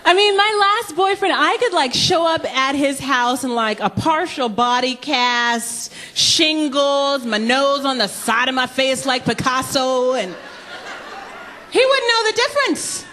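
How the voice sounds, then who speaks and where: A woman performing a stand-up comedy set, telling animated stories and jumping up high whenever she quotes people. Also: unhurried, hardly any pauses, a little hiss or hum. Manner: animated storytelling, jumps high for quoted voices. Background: audience laughter.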